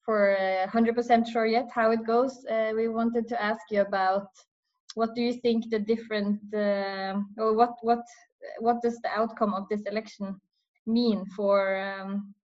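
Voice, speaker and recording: A woman's voice: fairly high pitch, little pitch movement, measured pace, darkish tone. A woman asking an interview guest questions, hesitant and restarting her sentences. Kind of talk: online panel interview. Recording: dull lo-fi sound.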